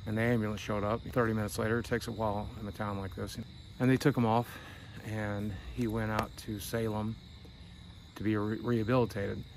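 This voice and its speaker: A man's voice: on the low side, flat delivery, fairly quick, background noise. Middle-aged man telling wry stories. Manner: candid, conversational, wry. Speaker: vlogger touring his hometown. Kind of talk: casual storytelling. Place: outdoors at night.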